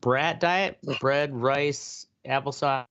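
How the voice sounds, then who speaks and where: A man's voice: medium pitch, fairly bright tone, clean tone, dry recording, dull audio. A man co-hosting a podcast, chatting casually with lots of fillers and restarts. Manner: filler-heavy, halting. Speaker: podcast co-host. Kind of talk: casual chat.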